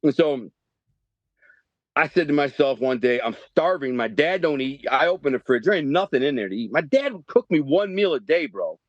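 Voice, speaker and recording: A middle-aged man, from Detroit, telling his life story as a podcast guest in a streetwise, animated way and acting out the voices in his quotes. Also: fairly high pitch, normal speed, dry recording. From Detroit, USA. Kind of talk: casual storytelling. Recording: dry, dull podcast audio.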